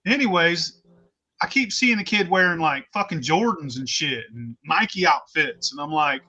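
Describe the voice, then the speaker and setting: Blunt, profane man with a bright voice. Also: a little high, animated, moderate pace. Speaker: host. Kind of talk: casual storytelling chat.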